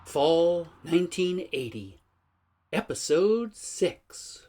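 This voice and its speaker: A man's voice: fairly high pitch, big pitch swings, extremely slow, warm tone, a little hiss or hum. A man in his sixties reading his own travel journal aloud in a dramatic, wry manner. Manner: dramatic, wry, savoring each phrase. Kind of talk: expressive reading of a personal journal.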